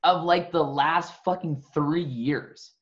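A man's voice: a little high, fairly even intonation, takes it slowly, a bit bright. A man in his thirties talking in casual conversation, blunt and emphatic, swearing. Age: 30s. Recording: muffled lo-fi audio.

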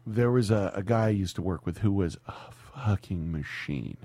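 A man's voice: deep voice, animated, moderate pace, mellow, no echo. A man hosting a podcast, telling rambling, profane stories in casual chat. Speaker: podcast host.

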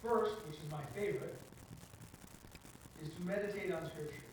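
A man's voice: high voice, normal speed, a little mellow, slight background noise. A man preaching a sermon in a conversational way, often asking "right?" as he teaches. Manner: conversational, with frequent tag questions. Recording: echoey hall, from far off.

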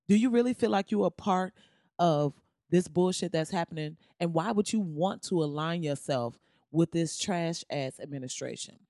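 A podcast host rants in casual commentary, blunt and heavy on profanity, with a sarcastic edge. The voice sits at a mid pitch. The recording is dry and close, with no room sound. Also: a little mellow, no echo. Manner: sarcastic, laughs at own jokes.

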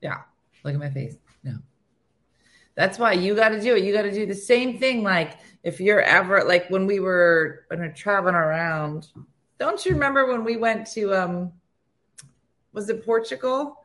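Female co-host, lively storyteller, playful ribbing, middle-pitched voice. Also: moderate pace. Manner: animated storyteller, playful teasing. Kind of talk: casual comedic chat.

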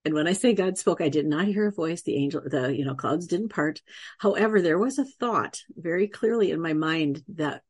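A middle-aged woman, a podcast guest, telling a lively faith-based story from her own life and laughing often as she acts out the voices of the people in it. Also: low-pitched, moderate pace, slightly rough, dry recording, clean studio sound. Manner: faith-based, earnest testimony. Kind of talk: conversational storytelling.

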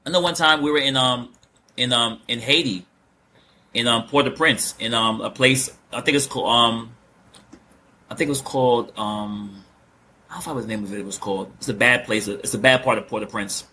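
A man hosting a casual podcast chat, joking and animated, repeating words with lots of fillers. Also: mid-range voice, normal speed, a little hiss or hum. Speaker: host.

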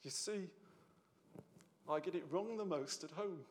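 A man's voice: fairly high pitch, a little slow, a little hiss or hum. A man preaching a sermon in church, chatty and conversational, often checking in with "yeah?" and at times moved. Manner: conversational, tag questions, gets emotional. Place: church hall. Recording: long hall reverb.

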